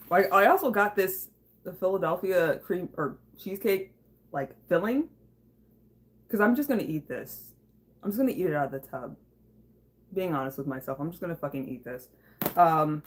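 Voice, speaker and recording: With a voice on the low side and a little hiss or hum in the audio, a woman livestreams from her home kitchen. She reads viewer comments and chats casually, laughing, swearing and using frequent fillers.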